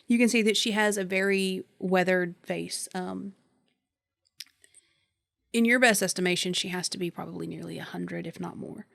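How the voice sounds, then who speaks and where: A woman game master narrates a tabletop horror scene with a gravelly, creaky texture. She describes each detail slowly, often pausing on filler ums. The sound is dry and close. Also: fairly low pitch, no room sound.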